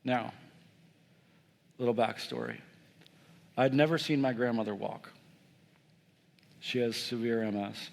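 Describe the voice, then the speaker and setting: Self-mocking preacher in a reverberant church. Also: male voice, medium pitch, measured pace, gravelly, pauses often. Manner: lively, self-mocking, addresses the congregation directly. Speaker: pastor. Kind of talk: sermon with personal storytelling. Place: church sanctuary.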